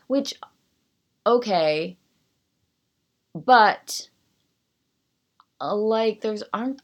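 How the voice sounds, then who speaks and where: Woman, low voice, gravelly fry, solo podcast host, self-deprecating, rambling asides, reads an article aloud.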